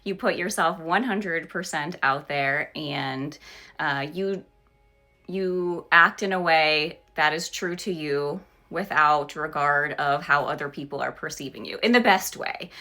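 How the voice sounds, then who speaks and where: A woman hosts a podcast and talks in a casual, affirming way. Her voice is fairly low and has a bright edge. She chats easily with her guest. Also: a little slow. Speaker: podcast host. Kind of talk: casual interview chat.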